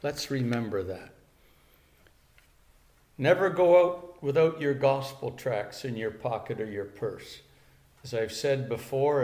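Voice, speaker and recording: Slow, earnest older man preaching. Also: mid-range voice, darkish tone. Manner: slow, earnest, repeats key phrases for emphasis. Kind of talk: sermon.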